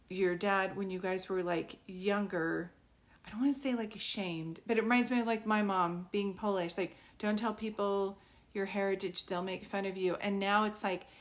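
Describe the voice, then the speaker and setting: A woman working as a psychic medium, giving a live reading in a rambling, conversational way, full of fillers and often checking whether her words make sense. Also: medium pitch. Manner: keeps checking if it makes sense; earnest, pleading tone.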